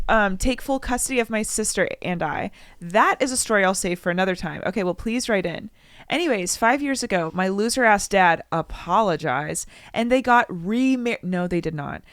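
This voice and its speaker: A woman's voice: medium pitch, no echo, clean studio sound. Chatty young woman reading a story aloud. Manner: chatty, breaks off to joke and comment, acts out quotes loudly. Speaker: podcast co-host reading a listener story. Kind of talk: casual chat, reading aloud.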